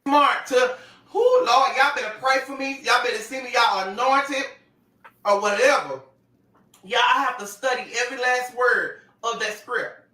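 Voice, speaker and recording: A man chatting on a livestream in a bright, forceful voice, sassy and animated, breaking into laughs. The room is echoey and he sits a little back from the mic. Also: very high voice, normal speed, far from the mic. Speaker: social media personality on a livestream. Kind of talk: casual livestream talk to followers.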